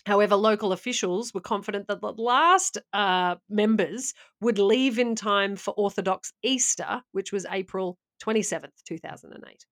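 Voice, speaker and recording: A woman co-hosting a podcast, telling a story in a chatty, self-mocking way. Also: mid-range voice. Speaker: podcast co-host. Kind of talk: casual chat and storytelling.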